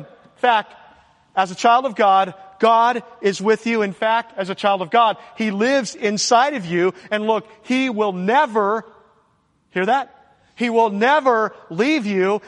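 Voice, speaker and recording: A man's voice: high-pitched, long reverb tail. A man preaching a sermon as pastor, fervent and repeating his key points for emphasis.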